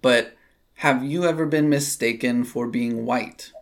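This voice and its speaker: A man hosting a casual conversation, reflective, with soft backchannels and pointed questions. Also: mid-range voice, a little slow.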